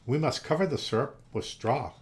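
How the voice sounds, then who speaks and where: A man's voice: medium pitch, normal speed, close to an everyday voice. A man voicing a scheming, grumpy male fox in a storybook read-aloud, in a grumbling tone. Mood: plotting.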